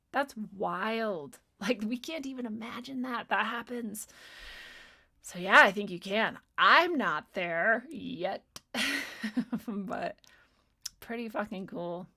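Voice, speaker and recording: A young woman with a medium-pitched voice hosts a livestream, reading questions from the chat aloud and answering them. Her talk is casual, animated, and profane, with frequent laughter.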